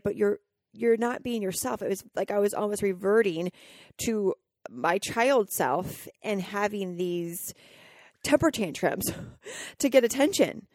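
Hosting her own podcast, a woman from Colorado shares a personal story, emotional and candid, stumbling through many fillers and restarts. Her voice is gravelly and darkish at a middling pitch, recorded dry without any room echo.

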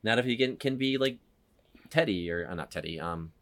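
A man's voice: lowish voice, lively intonation, a little fast, fairly bright tone. A man hosting a casual movie podcast, rambling with many fillers and restarts. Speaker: podcast host.

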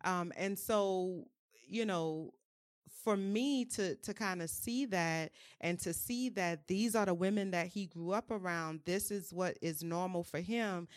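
New woman, lowish voice, frank reflective podcast guest, dry close sound. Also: measured pace, no room sound. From New Orleans, US. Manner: frank, reflective, speaks in colloquial Southern phrasing. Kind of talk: candid conversational storytelling.

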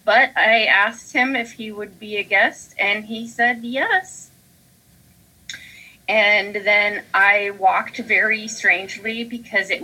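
A woman's voice: medium pitch, bright, forceful tone, low-quality recording. A young woman co-hosting a podcast, telling a story in casual chat and acting out her own panicked quotes. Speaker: podcast co-host.

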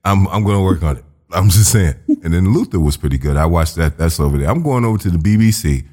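Deep-voiced American man, blunt and joking. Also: animated, fast talker, dark tone. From United States. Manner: blunt, joking, swears freely. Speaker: podcast host. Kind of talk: casual interview chat.

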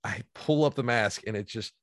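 A man's voice: lowish voice, moderate pace, no echo, clean studio sound. A man in his thirties telling a casual story, laughing often and acting out what people said. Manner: animated, laughs often, acts out quotes.

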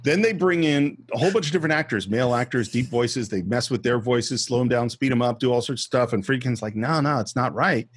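Fast and with few pauses, a husky, medium-pitched man recaps film scenes step by step on a podcast he co-hosts, acting out the quotes casually. There's no echo on the recording.

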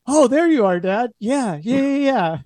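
A man's voice: very high-pitched, lively intonation, a little slow, mellow, dry recording, pitched above the performer's own voice. Man putting on a chirpy ten-year-old boy. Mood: excited. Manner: eager, chattering. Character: excited young boy, about ten.

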